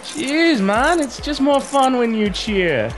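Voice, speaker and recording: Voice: high-pitched, very animated, slow pace, faint music behind, heavily acted. A performer voicing a laid-back male island gambler who talks in thick slang. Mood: easygoing. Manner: drawling slang, easygoing.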